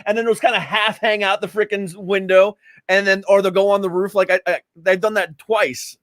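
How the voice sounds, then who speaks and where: Middle-aged man, high-pitched, loose swearing storyteller in a podcast chat, dry close mic. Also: steady tone, normal speed, fairly bright tone, no echo. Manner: rambling, swears casually, laughs often.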